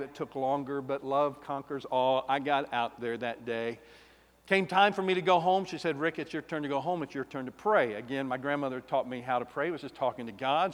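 A man, a pastor giving an emotional personal testimony, swinging between loud and hushed. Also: medium pitch. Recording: long reverb of a large hall.

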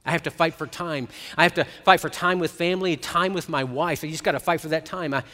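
Middle-aged male pastor, sermon delivery, hushed to emphatic, a little high-pitched, church reverb. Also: fast. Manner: preaching with swells from hushed to emphatic.

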